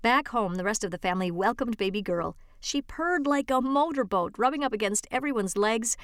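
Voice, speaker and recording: A woman's voice: fairly high pitch, animated, brisk, a bit bright, no echo, studio quality. A woman reading a true-life story aloud for a reading service, lifting her voice for quoted lines. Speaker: volunteer reader. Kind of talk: read-aloud story narration.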